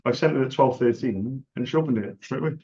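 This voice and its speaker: A man's voice: medium pitch, fast, darkish tone, breathy edge. A man who runs a small business, chatting casually and making a sales call, earnest and repeating himself as he talks. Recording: dull lo-fi recording.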